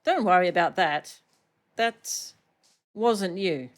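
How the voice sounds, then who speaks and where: A woman reading a calm caring young woman. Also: lowish voice, takes it slowly, soft background music.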